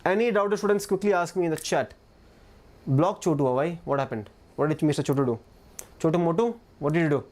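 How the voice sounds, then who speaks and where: A woman's voice: low-pitched, a little fast, a little mellow. A woman with an Indian English accent teaching a live online biology class, repeating key phrases and asking the chat for doubts, a little out of breath. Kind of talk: live online exam-prep lesson.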